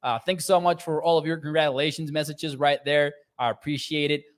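A man's voice: fairly high pitch, fairly even intonation, a little fast. A young man hosting a sports livestream, reading viewer comments aloud in an upbeat, chatty way and laughing often. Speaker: sports podcast host.

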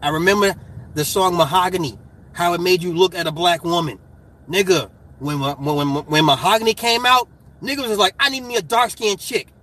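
A middle-aged man in casual chat, animated and profane, getting hyped and laughing as he argues his point. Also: high-pitched, normal speed.

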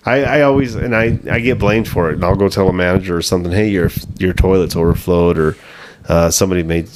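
Very low male voice, blunt swearing co-host, faint noise under it. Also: fairly even intonation. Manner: blunt, profane, quick interjections. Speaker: podcast co-host. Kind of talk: casual chat.

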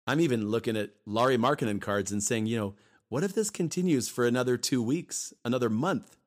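A man's voice: medium pitch, lively intonation, a little fast. A man co-hosting a podcast, talking casually and emphatically, often repeating himself and briefly acting out voices. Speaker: podcast co-host.

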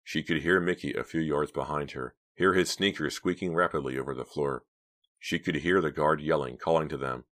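Very deep-voiced male narrator. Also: a little fast, a bit bright. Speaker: audiobook narrator. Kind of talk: scripted narration.

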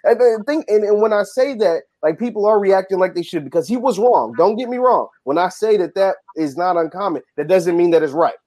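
A man's voice: high voice, lively intonation, fairly quick, hardly any pauses, darkish tone. A man speaking as a panelist in an online discussion, making his points emphatically and repeating himself.

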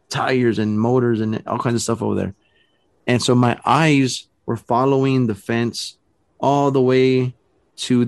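A man's voice: mid-range voice, vocal fry, no echo. A man casually telling a spooky story in a rambling way, filling it with "man" and "bro" and often restarting his sentences.

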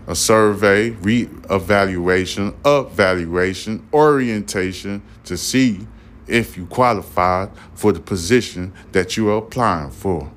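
A man's voice: lowish voice, fairly bright tone, a little hiss or hum. A man from talks through the news on his own podcast. His words come out a little slurred. He keeps repeating points and firing rhetorical questions at the listener. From Brooklyn, New York. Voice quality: slightly slurred speech. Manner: repetitive, emphatic, rhetorical questions. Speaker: podcast host. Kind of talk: spoken news commentary.

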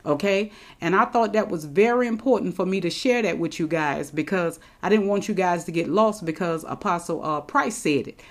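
A woman's voice: lowish voice, moderate pace, few pauses. A woman preaching a sermon in an emphatic, conversational way, repeating points for stress.

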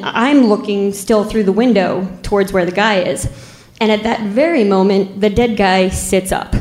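Woman cop, casual storyteller, dry humor, mid-pitched voice, roomy echo. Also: a little mellow. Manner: unhurried, wry, laughs at the grim parts. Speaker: police officer telling a story.

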